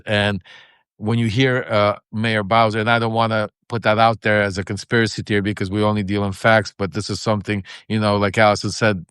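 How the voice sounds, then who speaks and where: A man guest in a political discussion, speaking haltingly and hedging as he builds his point. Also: on the low side, a bit bright, clean tone, no echo, clean studio sound. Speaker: podcast guest.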